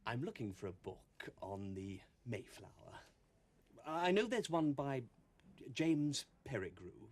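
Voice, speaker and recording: A man's voice: mid-range voice, big pitch swings, takes it slowly, a little mellow, heavily acted. An actor playing a self-important man at a library, speaking in a stiff, proud way. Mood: pompous. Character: pompous male library visitor proud of ancestry. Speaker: actor in a teaching sketch.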